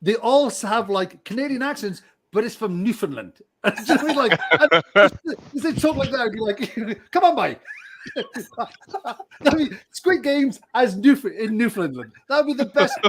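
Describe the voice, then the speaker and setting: A man's voice: very high voice, expressive, moderate pace. A man co-hosting a casual podcast, rambling and joking with frequent laughs. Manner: laughing, rambling, jokey asides. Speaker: podcast co-host. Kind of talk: casual chat.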